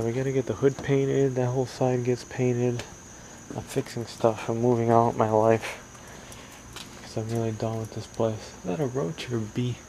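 A man talks into a handheld phone outdoors at night by a parking lot, rambling and complaining, with muttered asides. His voice is dark and gravelly. Crickets chirp faintly behind him. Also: mid-range voice, slight background noise, poor audio. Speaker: vlogger. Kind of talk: casual late-night vlog.

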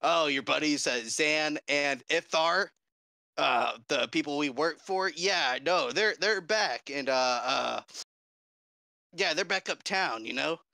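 A man's voice: on the high side, gravelly, pushed and bright, dry recording, exaggerated voice. A man playing a bluffing female rogue. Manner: halting, filler-heavy bluffing. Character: scheming female rogue adventurer, smooth-talking.

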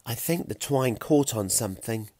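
A man voicing a modest, nervous young girl archer who speaks hesitantly and softly. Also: medium pitch, expressive, normal speed, no room sound, lightly acted. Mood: calm. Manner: hesitant, soft-spoken.

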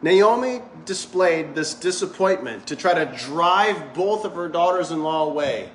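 A male pastor preaches in a loose, joking, conversational way, his voice sitting a little high for a man. The sound is roomy, echoing through a church sanctuary, with faint ambience underneath. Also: animated, measured pace, slight background noise. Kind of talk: sermon. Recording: echoey church hall.

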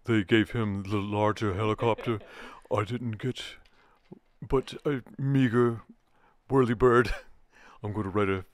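A man's voice: on the low side, fairly even intonation, unhurried, no echo, natural voice. A man putting on the voice of a whiny, spoiled adult prince who brags about video games. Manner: childish, self-pitying whine.

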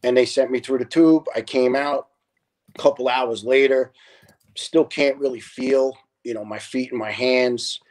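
A middle-aged retired fire lieutenant, a guest in a casual interview, telling stories earnestly and acting out the people in them. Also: male voice, medium pitch, fairly even intonation, unhurried, darkish tone, low-quality recording. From New York. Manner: earnest storyteller, quotes people in their own voices.

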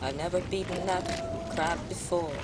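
A woman commentating her own live gameplay stream, excitable and often shrieking or laughing at the game. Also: fairly low pitch, a little slow. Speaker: game studio presenter. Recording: music playing behind.

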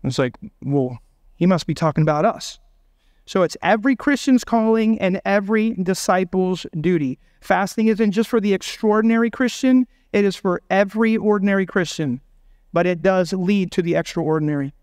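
High-voiced emphatic male preacher. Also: normal speed, darkish tone, clear, resonant tone, no echo, clean studio sound. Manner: emphatic preaching with rhetorical questions. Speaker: pastor. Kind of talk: sermon.

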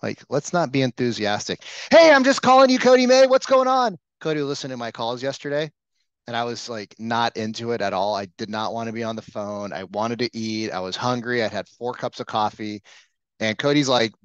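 Brief: male trainer, mid-pitched, casual coaching delivery, dry slightly dull lo-fi audio. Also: fairly even intonation, a little fast, smooth, dry recording. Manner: casual, coaching, asks the room questions. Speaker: real estate sales trainer. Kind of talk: live training session talk.

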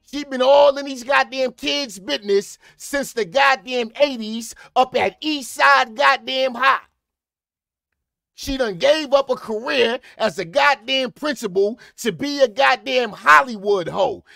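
High, gravelly man ranting on camera. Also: no room sound, clean studio sound. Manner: profane ranting, often shouting. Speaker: reaction channel host. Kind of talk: comedic reaction commentary.

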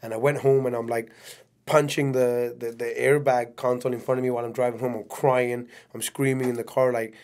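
Casting: man from England, podcast guest, rapid and animated casual storyteller. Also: medium pitch.

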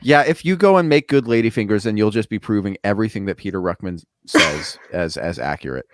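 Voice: low voice, animated, fairly quick, no room sound, clean studio sound. A podcast co-host in casual chat who reacts with jokes and playful questions. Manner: reactive, joking, with wide swings in tone.

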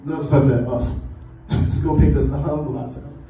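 A man's voice: medium pitch, steady tone, normal speed, mellow, slight background noise. A man preaching a sermon in a church, exhorting the congregation with call-and-response. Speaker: pastor. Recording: echoey church from far off.

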